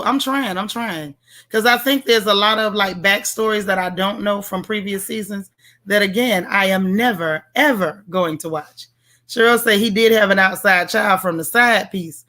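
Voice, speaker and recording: A woman with a medium-pitched, fairly bright voice hosts a relaxed livestream. She reviews a TV show in a cheeky, playful manner, talking right to her viewers and reading out their comments.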